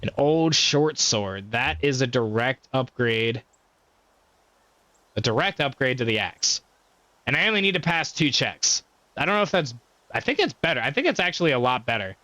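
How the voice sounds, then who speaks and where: A man's voice: medium pitch, sing-song, normal speed, sharp tone, no echo. A young man casually commentating his own gameplay, swearing often and trash-talking enemies. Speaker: gaming streamer. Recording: faint background game music.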